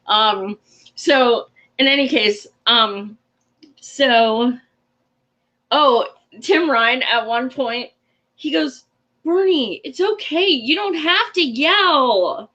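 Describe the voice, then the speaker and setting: A young adult woman hosting a casual political commentary show, blunt, profane and excitable. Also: a little high.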